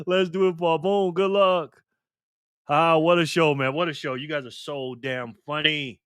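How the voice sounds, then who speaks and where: Male streamer, higher pitch, jokey and laughing with chat, dry mic. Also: steady tone, a little slow, fairly bright tone, smooth, no echo, some chatter behind. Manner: laughs often, banters with chat. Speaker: live stream host. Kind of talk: casual live stream chat reading comments.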